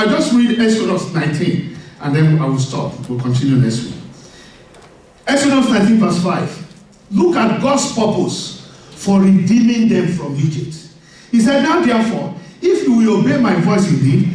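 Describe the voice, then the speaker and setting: A man pastor preaching a sermon in a church hall, animated and often laughing as he calls on the congregation to respond. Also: high-pitched. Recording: very echoey hall, voice from far off.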